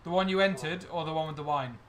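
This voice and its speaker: A man's voice: on the high side, fast, a bit bright. A man running a tabletop game as game master, describing scenes and questioning players.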